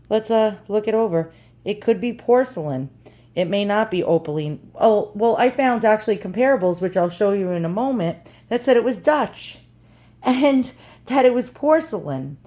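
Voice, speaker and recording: A woman's voice: medium pitch, mellow. A woman with a strong New York accent talks her viewers through an unboxing in a loose, chatty way. She is blunt and jokey, with the odd swear word tossed in. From New York, USA. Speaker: vlogger. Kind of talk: casual unboxing chat.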